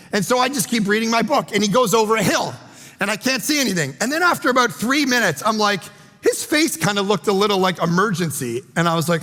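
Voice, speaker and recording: A man preaching a sermon as pastor, telling stories with animated delivery and acting out other people's lines. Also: sits high, quick pace. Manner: storytelling, animated, acts out quotes. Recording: long hall reverb.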